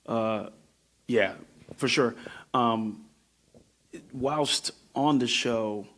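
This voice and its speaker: A man's voice: medium pitch, drawn-out words, a bit bright. A young man from New York, a guest on a podcast, talking over his music career in a reflective way, often trailing off and starting over. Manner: reflective, trailing off and restarting thoughts. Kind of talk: casual podcast conversation.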